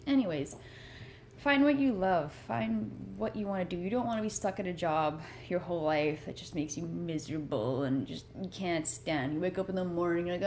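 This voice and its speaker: She rambles casually about motivation in a home vlog, her cat in the room, sounding earnest and poking fun at herself. Her voice is lowish with a darkish tone and a moderate pace, over slight background noise.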